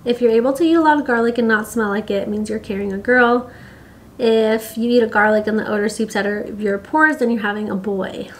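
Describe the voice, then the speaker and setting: A woman's voice: fairly high pitch, a little fast. A pregnant young woman talking casually to camera, chatty and giggly, with lots of fillers. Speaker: vlogger.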